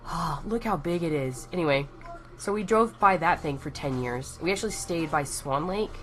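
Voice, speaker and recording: A woman's voice: sits low, animated, moderate pace, a bit bright, faint music behind. A young Texan woman chatting casually and rambling on a live stream, laughing at herself as she goes. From Texas.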